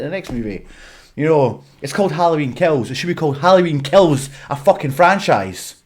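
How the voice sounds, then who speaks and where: A man's voice: a little high, animated, quick pace. A Scottish man ranting bluntly in a film review vlog, swearing and exasperated. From Scotland. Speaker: movie reviewer.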